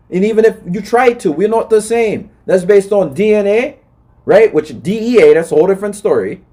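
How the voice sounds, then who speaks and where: A man in a heated solo rant, lecturing and confrontational, who keeps checking in with a pointed "right?". His voice sits a bit high for a man but has a warm, mellow tone.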